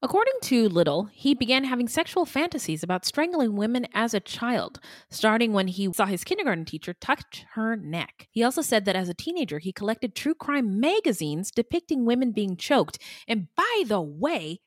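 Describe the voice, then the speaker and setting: Podcast co-host: woman, bouncy expressive pitch, chatty with asides, dead-dry booth. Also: normal speed, hardly any pauses, no room sound. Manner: animated, chatty, quips and asides. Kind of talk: casual true-crime podcast chat.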